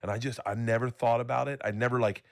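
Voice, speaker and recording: A middle-aged man on a podcast telling crude stories in a loose, animated way, acting out what he said back then. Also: mid-range voice, fast, vocal fry, no room sound. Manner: crude, animated, acts out his own past lines. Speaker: podcast guest. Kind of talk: casual podcast storytelling.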